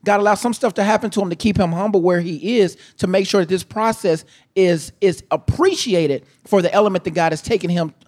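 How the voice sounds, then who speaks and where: A man's voice: high-pitched, a little fast, hardly any pauses, darkish tone. A man co-hosting a live talk show, breaking down a guest's words in an emphatic, preacherly way that often repeats itself. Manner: emphatic, repeats himself, checks in with listeners. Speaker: podcast co-host. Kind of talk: hype-filled preacherly commentary.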